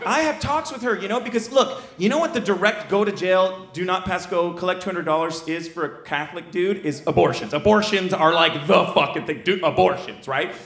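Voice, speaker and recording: A man telling a stand-up story with brash, animated, self-mocking energy. His voice sits high and bright. The sound bounces around an echoey room. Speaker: stand-up comedian.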